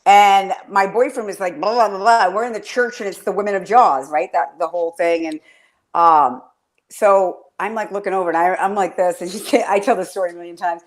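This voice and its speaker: A woman co-hosting a show in casual chat, excitable and rambling as she tells stories. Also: on the low side, brisk. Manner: bubbly, excitable, rambling storyteller. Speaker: podcast co-host.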